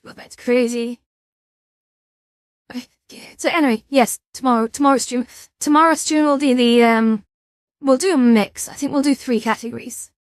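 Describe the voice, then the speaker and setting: A woman's voice: sits high, fairly even intonation, normal speed, pauses often, dry recording, studio quality. A tired woman streamer in casual chat, rambling and yawning between restarts. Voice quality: rambling, chatty, with frequent restarts and fillers.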